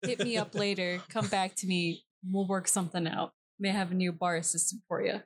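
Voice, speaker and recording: A woman's voice: mid-range voice, steady tone, a little fast. A woman playing a tabletop game, casual and playful. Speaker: player.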